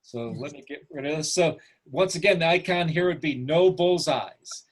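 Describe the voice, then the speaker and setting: A man with a somewhat raised pitch teaches photo composition on a video call. He keeps putting questions to his class and praises their answers. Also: normal speed. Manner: asks the class questions, encouraging.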